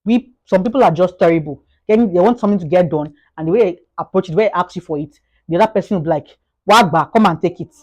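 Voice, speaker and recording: A woman with a Nigerian accent giving a motivational talk as a vlogger, talking fast, animated, and often repeating and restarting words. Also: lowish voice, poor audio.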